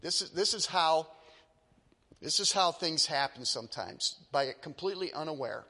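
A man's voice: a little high, animated, moderate pace, pushed and bright, husky, big-room sound. A male pastor preaching a sermon with emphatic, dramatic storytelling.

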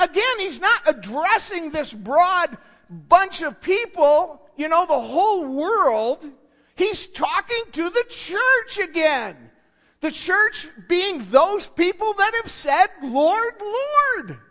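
A pastor with a strikingly high voice for a man preaches slowly and deliberately, letting long pauses hang. He swings from near-whispered asides to shouted declarations and hammers single words again and again. The sound carries the long reverb of a big church hall. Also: very animated. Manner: emphatic, swinging from hushed asides to shouted points; repeats key words for effect. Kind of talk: sermon.

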